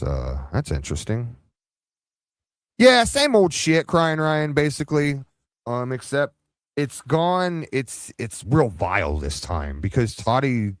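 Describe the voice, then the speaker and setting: A man's voice: mid-range voice, no echo, studio quality. A man hosting a live reaction stream, rambling and taunting with heavy profanity.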